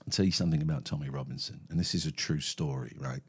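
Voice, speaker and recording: A man's voice: rumbling low, steady tone, fast, breathy edge. A man hosting a phone-in show, chatting casually with callers in a blunt, sweary, sardonic way. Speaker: phone-in host. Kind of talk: casual live-stream chat.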